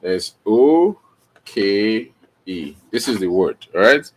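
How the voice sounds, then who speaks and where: A man with a lowish, lively voice hosts his own podcast, taking it slowly as he teaches on camera in a casual, rambling way. He corrects himself and checks in with "right?" as he goes, recorded indoors on a camera mic with slight background noise.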